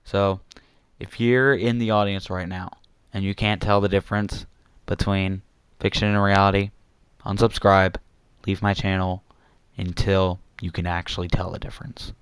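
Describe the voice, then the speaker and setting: A man's voice: low-pitched, level tone, normal speed, clear, resonant tone, dry recording. A young man delivering an angry, repetitive rant to his viewers, insulting some people and apologizing to others. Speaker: youtuber ranting to viewers.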